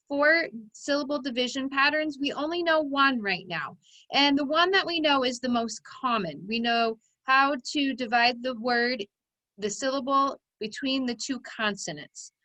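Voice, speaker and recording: A woman's voice: high-pitched, pushed and bright, dry recording, rough recording. A woman teaching a recorded phonics lesson to children, giving encouraging step-by-step instructions.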